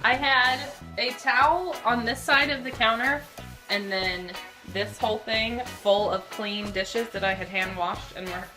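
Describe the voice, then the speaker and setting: A woman's voice: fairly high pitch, a little slow, music in the background. A woman chatting casually in a home vlog, then gushing over her dog in baby talk. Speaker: vlogger.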